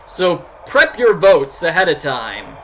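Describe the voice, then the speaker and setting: A man's voice: on the high side, big pitch swings, slow, bright, forceful tone, a little hiss or hum, rough recording. A man giving casual, rambling let's-play commentary as a streamer and game writer. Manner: rambling, many fillers and restarts.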